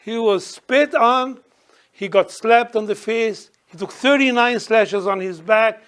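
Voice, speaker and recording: Guy, high voice, fired up church talk, broken english. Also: slow pace, a bit bright, clear, resonant tone. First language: Arabic. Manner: passionate, emphatic, imperfect English. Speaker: church speaker.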